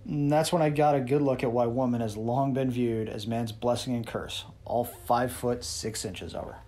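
A man narrates a first-person story with a wry, sarcastic edge. His voice sits in an ordinary middle pitch, and he delivers the boasts and jabs with a smirking, storyteller's rhythm. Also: steady tone, moderate pace, dark tone. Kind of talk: first-person novel reading.

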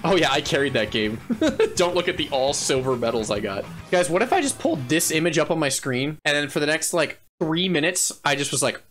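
A man streaming a game live, chatting to viewers in a playful, goofy way, laughing often and yelling when he wins. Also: a little high, sing-song, fairly quick, soft background music. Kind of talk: casual live gameplay chatter.

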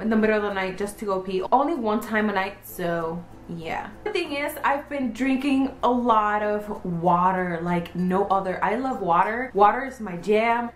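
A young woman vlogger chatting candidly and at length to her viewers in a casual, slangy way. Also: fairly high pitch. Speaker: beauty vlogger. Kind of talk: casual chat. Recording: echoey room.

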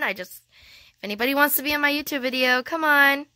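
A woman giving casual, excitable gameplay commentary, gushing and giggly as she thinks aloud. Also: high voice, normal speed, dry recording. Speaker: gaming channel host.

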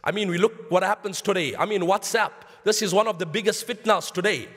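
A high-pitched man with a South African accent delivers a sermon, telling stories and calling his listeners brothers while slipping in Arabic phrases. His voice rings through the long reverb of a mosque hall. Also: brisk, fairly bright tone, slightly rough. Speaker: Islamic lecturer.

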